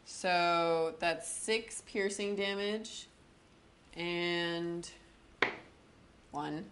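A woman's voice: lowish voice, steady tone, drawn-out words, a bit bright. A woman playing a tabletop game, thinking aloud with many fillers. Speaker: player. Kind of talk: casual tabletop game play.

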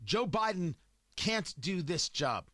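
A man's voice: sits high, very animated, slow pace, pushed and bright, no room sound, clean studio sound. A man hosting political commentary, combative and emphatic, firing off rhetorical questions and repeating points for effect.

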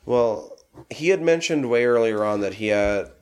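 A man's voice: mid-range voice, lively intonation, moderate pace, darkish tone, slight background noise. A man co-hosting a casual film talk, adding short points to his partner's retelling. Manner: chimes in with short additions. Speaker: podcast co-host.

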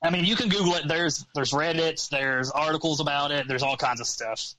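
A man's voice: fairly high pitch, a little fast, sharp tone, no echo, rough recording. A man who is a guest on a podcast, easygoing and chatty, with many ums as he explains things. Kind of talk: casual podcast chat.

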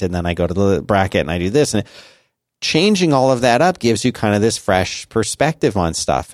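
A man's voice: lowish voice, darkish tone, no room sound, clean studio sound. A man in his forties chatting casually on a podcast, rambling with many restarts and fillers. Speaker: podcast co-host. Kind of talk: casual conversational chat.

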